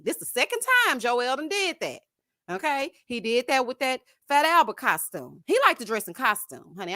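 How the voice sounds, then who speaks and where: A woman hosting a live stream, giving sassy, animated commentary and calling her viewers "honey" and "child". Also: on the high side, no echo, studio quality. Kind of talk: casual reality-show commentary.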